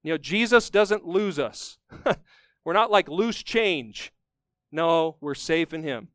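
High-voiced man preaching emphatically. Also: lively intonation, slow, fairly bright tone, no echo, clean studio sound. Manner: emphatic preaching, rising to fervent peaks then dropping low. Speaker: pastor. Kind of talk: sermon.

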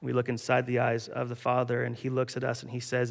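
A man's voice: medium pitch, completely flat delivery, brisk, gravelly, few pauses, long reverb tail. A man preaching a sermon, telling a story and acting out the voices in it. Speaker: pastor.

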